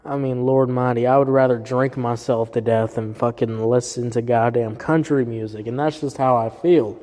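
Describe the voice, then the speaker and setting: A man's voice: mid-range voice, steady tone, normal speed, dark tone. Man, casual music reviewer, swearing, rambling fillers, echoey hall sound. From southern US. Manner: profane, rambling, heavy fillers. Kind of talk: casual solo review chat. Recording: roomy hall reverb.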